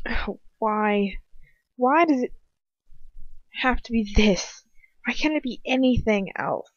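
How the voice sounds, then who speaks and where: A woman's voice: fairly high pitch, lively intonation, slow, pauses often, no room sound. A woman reading fan fiction aloud in first person, in an earnest way with occasional slips and restarts. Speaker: audiobook reader. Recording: dull lo-fi home recording.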